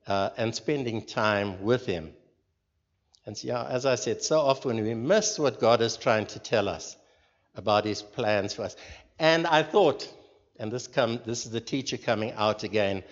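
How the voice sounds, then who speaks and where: A man leading a church group, giving an informal sermon in a slow, earnest way and putting questions to the listeners. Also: medium pitch. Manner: slow, earnest, pauses between phrases. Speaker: leader of a church group meeting. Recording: dull recording with long hall reverb.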